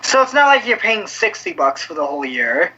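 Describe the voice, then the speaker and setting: High bright-voiced animated young man. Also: brisk. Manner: animated, profane, shouts in bits. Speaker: podcast co-host. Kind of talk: casual gaming chat. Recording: dull lo-fi audio.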